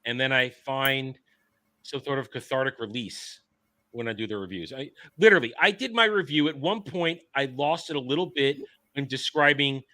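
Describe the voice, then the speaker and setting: A man hosting a casual commentary podcast, talking in an animated, sarcastic way and mocking what others say. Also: medium pitch, moderate pace. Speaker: podcast host.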